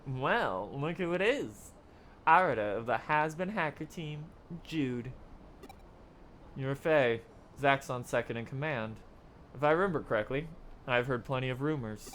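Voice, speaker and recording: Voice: mid-range voice, lively intonation, measured pace, fairly bright tone, a little hiss or hum. Streamer voicing every game character. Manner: reads every character's lines and breaks off for laughing asides. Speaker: streamer reading a game's dialogue aloud. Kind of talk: live-streamed video game playthrough.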